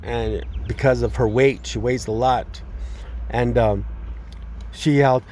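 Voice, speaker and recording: A man giving a personal testimony. He speaks in a halting, earnest and distressed way, often restarting and repeating words. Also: medium pitch, darkish tone. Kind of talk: personal testimony, spoken retelling.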